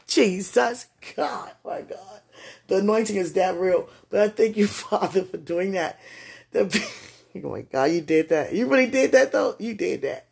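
A freshly woken person gives a spontaneous spiritual message at home, speaking straight to God. The voice is husky and gravelly, with a rough edge. It leaps into excited outbursts, then sinks into soft murmuring. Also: mid-range voice, measured pace. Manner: talks aloud to God, rambling and emotional; swings between excited bursts and quiet murmurs. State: just woken from sleep. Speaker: spiritual vlogger.

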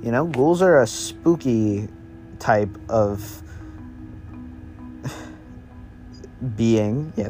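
A man with a medium-pitched, darkish voice improvises a spooky story as he goes. His narration is meandering, offhand and slangy.

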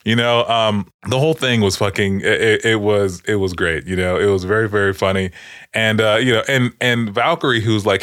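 A man's voice: lowish voice, fairly quick, fairly bright tone, dry recording. Guy rambling about a movie, lots of "you know"s, dry close mic. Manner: rambling, swearing, frequent fillers. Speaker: podcast co-host. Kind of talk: casual movie discussion.

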